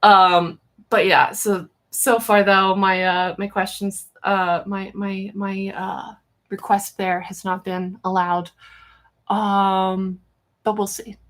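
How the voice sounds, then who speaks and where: A woman hosting a casual live Q&A, rambling and chatty with lots of fillers and restarts, self-mocking and quick to giggle. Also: mid-range voice, level tone, a bit bright. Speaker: livestream host answering viewer questions.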